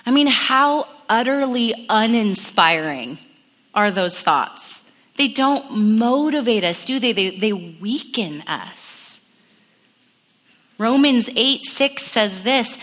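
A woman giving a sermon at a camp, acting out inner voices in quick murmured asides. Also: fairly high pitch, expressive, a bit bright. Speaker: camp speaker. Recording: long echo of a hall.

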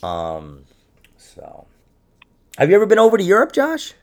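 A man's voice: high-pitched, fairly quick. Comedian guy chatting on a podcast, bouncy up and down voice, laughs a lot. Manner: lively, laughing, does silly mock voices. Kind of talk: casual chat.

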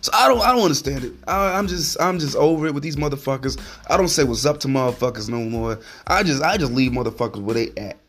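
A man's voice: medium pitch, expressive, fast talker, few pauses, fairly bright tone, faint music behind. A man hosting a solo podcast, ranting in a heated, profane, rambling way. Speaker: podcast host.

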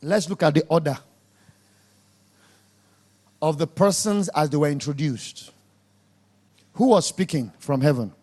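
A man delivers a sermon in a high voice. He preaches emphatically, scolding his listeners and hammering points home by repeating words. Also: unhurried, long pauses, mellow.

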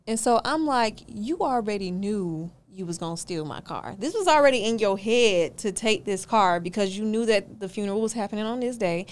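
A woman's voice: mid-range voice, expressive, moderate pace, hardly any pauses. A young woman, a podcast guest, telling a story in a casual interview and acting out both sides of it. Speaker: podcast guest, car rental owner.

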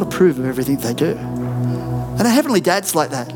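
A man's voice: fairly high pitch, very animated, a little fast, over music. A middle-aged man, a senior pastor, preaching a sermon in an earnest, emphatic way with repeated declarations in a church. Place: church auditorium.

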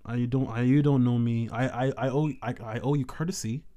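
A man's voice: mid-range voice, steady tone, a little fast, mellow. A man hosting a podcast, talking in a rambling, casual way with many restarts. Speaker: podcast host. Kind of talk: casual chat.

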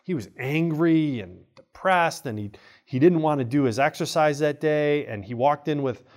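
A man, a kinesiology professor, explaining ideas in a relaxed podcast conversation and acting out the people in his stories. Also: fairly high pitch, moderate pace. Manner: animated storyteller, acts out quoted voices. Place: college podcast studio.

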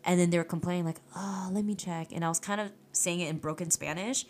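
Lowish woman's voice, casual chat, animated storytelling w/ swearing. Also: fast talker, slight background noise. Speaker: podcast guest.

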